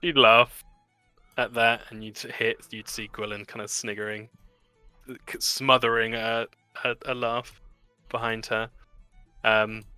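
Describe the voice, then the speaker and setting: A man narrating a tabletop game as game master, in a relaxed, chatty way with many fillers. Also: medium pitch, takes it slowly, clear, resonant tone, no room sound, faint music behind.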